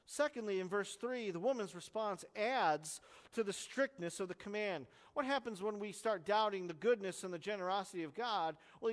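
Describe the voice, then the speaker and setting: A pastor giving an expository sermon, explaining a text earnestly and leaning hard on key words. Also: male voice, high-pitched, big-room sound. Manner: earnest, explanatory teaching with strong emphasis.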